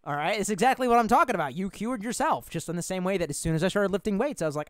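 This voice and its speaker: A man's voice: sits high, animated, very fast, a bit bright, dry recording. A man chatting frankly on a live stream, rambling, swearing freely and reading out viewer comments.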